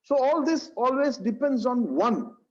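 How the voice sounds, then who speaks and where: Guy teaching bible study, kinda high voice, says you know a lot, dull lo-fi audio. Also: animated, measured pace, a little mellow. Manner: earnest, repeats phrases and says "you know" often. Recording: dull lo-fi sound.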